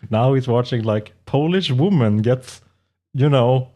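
A man's voice: medium pitch, unhurried, mellow. A man co-hosting a podcast, telling rambling anecdotes in casual chat and laughing often. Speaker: podcast co-host.

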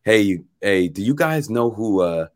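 A man's voice: fairly low pitch, expressive, moderate pace, darkish tone, no echo. Young guy telling a story on a podcast, laughs a lot, acts out the quotes, dry close mic. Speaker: guest musician. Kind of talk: casual interview storytelling.

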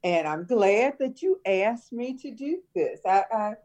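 An older woman, a retired schoolteacher from Chicago, reminiscing in a relaxed conversation and laughing often. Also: mid-range voice, measured pace, lo-fi sound. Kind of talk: casual conversation.

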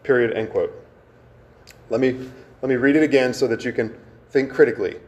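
A man preaching to a congregation in a conversational teaching style, asking questions of the room and slowing down to stress key words. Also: medium pitch, steady tone, a little mellow. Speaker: pastor.

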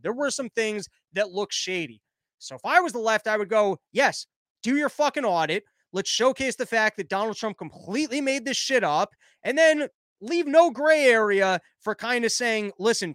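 A man's voice: high voice, a bit bright, clear, resonant tone, no echo. A man hosting a podcast, giving rambling, profane, joking commentary on news stories in a casual chat. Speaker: podcast host.

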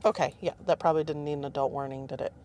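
A woman's voice: sits low, fairly even intonation, very fast, dark tone, a little hiss or hum. Playful fifty-something woman podcaster. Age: 50s. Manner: playful, chatty, self-mocking. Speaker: podcast host. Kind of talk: casual podcast storytelling.

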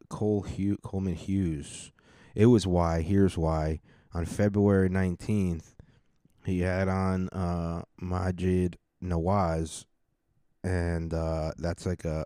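A man's voice: low-pitched, warm tone, dry recording, studio quality. A man hosting his own podcast, rambling casually with lots of swearing and jokes. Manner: rambling, profane, joking. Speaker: podcast host. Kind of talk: casual solo podcast chat.

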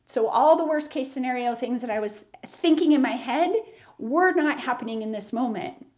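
A woman's voice: high-pitched, animated, moderate pace, a little mellow. A woman hosting a casual solo podcast, a bakery owner telling a story in a candid, chatty way with many fillers.

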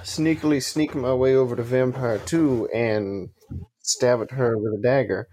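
Mellow-voiced male player. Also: medium pitch, fairly even intonation, a little slow, a little hiss or hum. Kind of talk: casual tabletop play.

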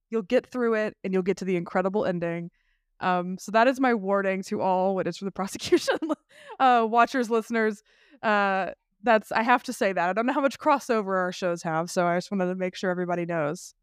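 Smooth-voiced man gushing about films. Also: sits high, normal speed, no echo, clean studio sound. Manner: animated, swears freely, many restarts. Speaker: podcast co-host. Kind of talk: casual film chat.

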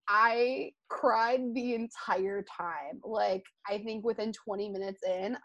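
A young adult woman hosting a podcast in a casual, chatty and animated way, with lots of "like" fillers. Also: medium pitch, no echo. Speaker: podcast host.

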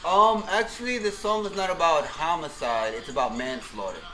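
A man's voice: on the high side, normal speed, over music, low-quality recording. A man co-hosting a casual podcast, joking with dry, mock-pedantic asides. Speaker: podcast co-host. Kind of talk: casual banter.

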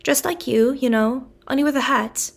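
A woman's voice: sits high, fairly even intonation, normal speed, vocal fry. Woman doing a timid polite boy. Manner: hesitant and polite.

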